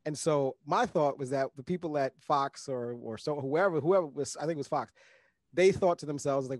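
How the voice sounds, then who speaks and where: A man's voice: on the high side, normal speed, no room sound. A man co-hosting a casual podcast chat, talking in a wry, rambling way and repeating words as he thinks. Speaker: podcast co-host.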